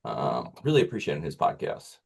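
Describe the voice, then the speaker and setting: A man co-hosting a casual podcast, teasing the others and pausing often with ums. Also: very deep voice, huge pitch swings, gravelly, darkish tone. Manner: teasing, hesitant with many ums. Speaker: podcast co-host. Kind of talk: casual chat.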